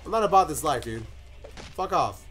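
A young man commentating his own wrestling gameplay, his voice high and swinging wildly between grumbling and sudden yells. The tone is bright and edgy, with faint game music underneath. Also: lively intonation, moderate pace. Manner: loud, cursing, easily frustrated outbursts. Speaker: gaming commentator.

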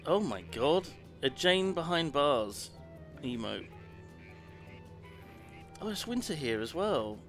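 A man on a live gameplay stream with a bright, slightly raised voice that swings up and down a lot as he chats. He swears casually and throws in quick apologetic asides to himself, with faint game music underneath. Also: fairly high pitch, lively intonation.

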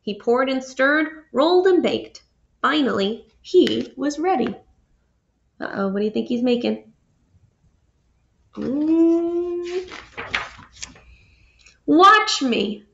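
A woman's voice: unhurried, creaky, slight background noise. Woman reading a picture book aloud. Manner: expressive, asks listeners questions, raises pitch for characters' lines. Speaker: storybook reader. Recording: dull lo-fi audio.

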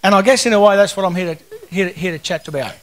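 A man's voice: high-pitched, quick pace. A man in his fifties with an Australian accent, giving a casual, joking conference talk full of stories. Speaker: conference speaker.

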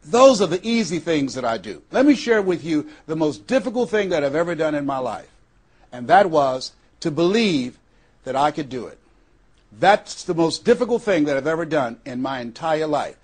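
A man from Miami, Florida, giving a motivational speech, emphatic and repetitive, slowing down on key phrases with dramatic pauses. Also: on the high side, expressive, breathy edge. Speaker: motivational speaker.

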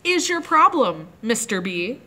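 A woman doing a bossy, shrill little girl. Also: sing-song, unhurried, full character voice. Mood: bossy, indignant. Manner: snippy and loud. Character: bossy, demanding young girl, prone to screeching tantrums.

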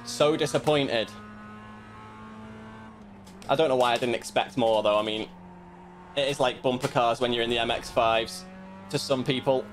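A man's voice: medium pitch, steady tone, brisk, a little hiss or hum. Self-critical man commentating his own race. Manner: self-critical, muttering asides. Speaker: sim racing streamer. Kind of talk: casual commentary while racing.

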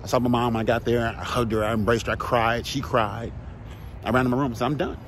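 A man's voice: mid-range voice, level tone, quick pace, a bit bright, slight background noise. A man, a former football player, giving an emphatic motivational talk, repeating key phrases and asking the listener direct questions.

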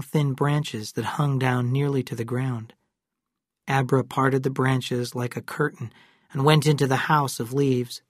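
A narrator reads an audiobook at a steady, even pace. The voice sits in a middle pitch. The sound is dry and close with no room echo.

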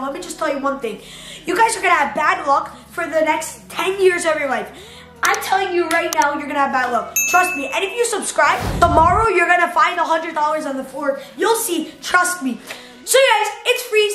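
Hyped kid YouTuber with a very high voice. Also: a bit bright. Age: child. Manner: hyped, breathless, repeats "guys" and "oh my God". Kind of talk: excited vlog with a screen-recorded texting prank. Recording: roomy echo with faint background music.

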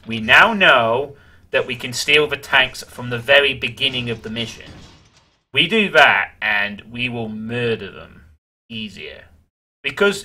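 A man's voice: mid-range voice, sharp tone. A man streaming a video game, thinking aloud about his moves and reacting with swearing and groans. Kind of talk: let's play commentary. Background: game music.

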